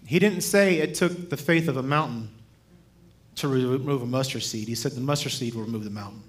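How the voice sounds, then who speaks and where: A man as guest preacher, telling stories in a sermon in a lively, humorous way and chuckling as he speaks. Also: mid-range voice, brisk. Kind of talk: sermon with storytelling.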